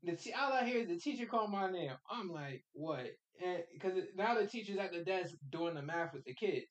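A man's voice: high voice, animated, fairly quick, highs cut off. A man hosting a podcast, telling a childhood story in loose slang and jumping into quoted voices. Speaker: podcast host. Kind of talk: casual storytelling chat. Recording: echoey room.

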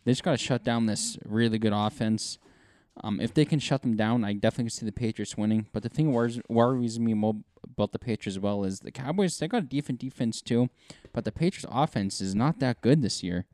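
Mellow-voiced man rambling about sports. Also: medium pitch, a little fast, no room sound. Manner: rambling, lots of fillers and restarts. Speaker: podcast co-host. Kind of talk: casual sports chat.

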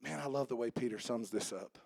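A pastor in his forties preaching a sermon, rising to shouts and half-sung lines, then dropping to quiet storytelling. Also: mid-range voice, a little fast, creaky, slightly rough, no echo, clean studio sound. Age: 40s. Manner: shouting and half-singing at climaxes. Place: church.

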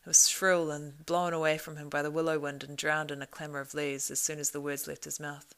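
A woman narrating a storybook in a measured, expressive reading. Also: low-pitched. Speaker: audiobook narrator.

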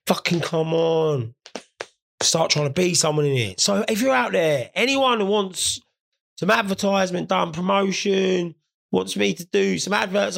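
British bloke, 30s, gravelly, sweary laddish vlog rambling. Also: male voice, high-pitched, a bit bright. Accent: British English. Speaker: vlogger. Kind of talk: rambling comic monologue.

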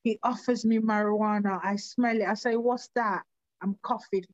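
A woman giving halting, emotional personal testimony in an interview. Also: medium pitch, steady tone, dry recording, highs cut off. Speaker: interview guest.

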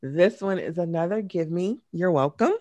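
A woman hosting a casual trivia podcast who laughs often and reads out questions slowly. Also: lowish voice, expressive, darkish tone, dry recording. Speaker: trivia quiz host.

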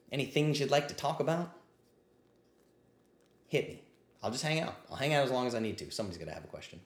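A man's voice: mid-range voice, echoey room. A man hosting a livestreamed ask-me-anything, talking in an impassioned, blunt and profane rant. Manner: riled up, says he is getting heated. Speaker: podcast host answering live questions.

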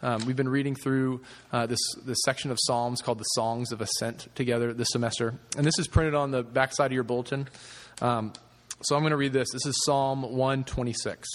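A man's voice: mid-range voice, brisk, a bit bright. A man preaching a sermon in a casual, conversational way, with filler words. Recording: echoey hall with long reverb.

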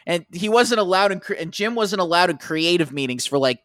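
A man's voice: sits high, fairly quick, few pauses, a bit bright, dry recording, studio quality. A man ranting and cursing in casual podcast chat, acting out the people he quotes.

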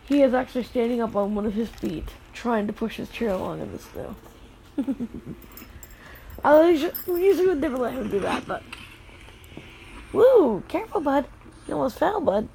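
A woman's voice: fairly high pitch, big pitch swings, brisk, gravelly, slight background noise, low-quality recording. Mother vlogging outdoors in snow. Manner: mixes gentle narration with firm warnings to children. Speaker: mother filming her kids. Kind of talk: casual family vlog.

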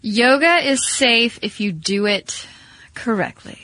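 A woman's voice: a little high, expressive, takes it slowly, sharp tone, no room sound. A woman co-hosting a podcast in casual chat, easygoing and self-deprecating. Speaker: podcast co-host.

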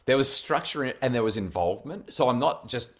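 A man, a parenting expert guest on a podcast, telling stories with animated, acted-out dialogue. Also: medium pitch, a little fast. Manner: animated, acts out quoted dialogue with laughs. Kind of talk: conversational storytelling on a podcast.

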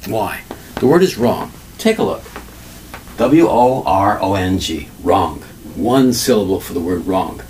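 A man's voice: mid-range voice, recorded from a distance, a little hiss or hum. A man giving a casual, chatty vocabulary lesson to camera, repeating words with emphasis. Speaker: English teacher. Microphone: camera mic.

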